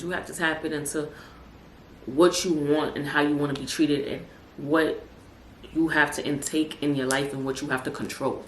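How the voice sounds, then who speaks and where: A young woman with a low voice hosts her podcast in a loose, emphatic monologue, stacking repeated words for stress and slipping into slang. She sounds like she is in an echoey room. A faint hum runs underneath. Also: fairly bright tone. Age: young adult. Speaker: podcast host. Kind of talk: casual motivational monologue.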